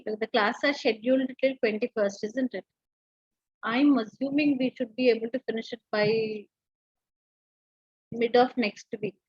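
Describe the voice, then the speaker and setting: A woman's voice: fairly high pitch, slightly rough, no echo, highs cut off. A woman teacher giving an online lecture, explaining step by step with frequent fillers and restarts.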